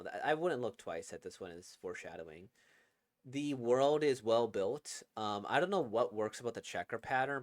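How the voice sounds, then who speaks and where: A man giving casual, rambling commentary on a game, with laughing asides. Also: fairly low pitch. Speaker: game reaction host.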